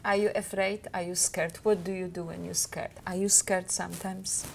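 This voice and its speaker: A woman interviewer asking short questions in a soft, gentle way. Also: lowish voice, little pitch movement, normal speed, creaky, a little hiss or hum.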